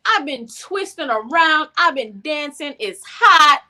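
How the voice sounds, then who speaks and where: Woman, high voice, bright tone, casual podcast chat, profane, animated storyteller. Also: unhurried. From North Miami. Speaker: podcast co-host.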